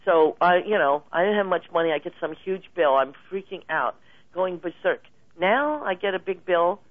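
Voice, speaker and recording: A woman guest telling stories in a casual interview, lively and laughing often. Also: lowish voice, moderate pace, no echo. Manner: animated storyteller, laughs often. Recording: tinny phone line, dry.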